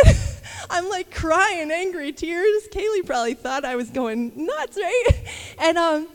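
Woman minister, high voice, candid filler-heavy devotional talk, long reverb. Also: lively intonation, takes it slowly. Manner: candid, rambling, with many fillers and laughs.

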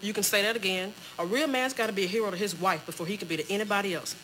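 A woman's voice: medium pitch, rapid-fire, fairly bright tone, a little hiss or hum, close to an everyday voice, low-quality recording. An actress playing a blunt, opinionated female friend in a played clip.

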